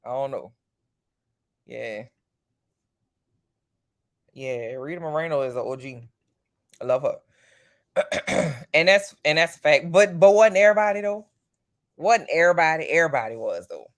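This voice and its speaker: Chatty slangy vlogger, big pitch swings. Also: animated, measured pace, pauses often. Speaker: vlogger, parent. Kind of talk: casual chat to camera about TV shows.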